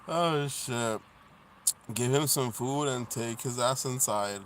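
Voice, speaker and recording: A man's voice: medium pitch, slow, a little hiss or hum. Profane, laid-back male live streamer. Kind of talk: casual live-stream chat.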